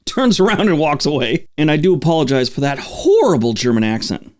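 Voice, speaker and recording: A man's voice: a little high, expressive, a little fast, darkish tone. A man hosting a daily history podcast, reading dates and adding casual, conversational asides. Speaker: podcast host.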